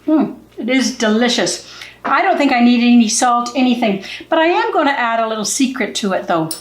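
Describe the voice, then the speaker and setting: A woman's voice: fairly high pitch, expressive, brisk. A middle-aged woman hosting a casual home cooking demonstration, chatty and folksy, with blunt asides to the viewer. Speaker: cooking show host. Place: home kitchen. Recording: echoey kitchen with faint background noise.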